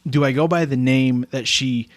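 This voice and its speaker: A man's voice: medium pitch, fairly even intonation, normal speed, no room sound. A man with a Midwestern accent co-hosting a casual podcast, rambling and correcting himself after a few drinks. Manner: rambling, self-correcting, tipsy banter. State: tipsy from wine. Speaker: podcast co-host. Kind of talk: casual chat. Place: home room. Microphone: close podcast mic.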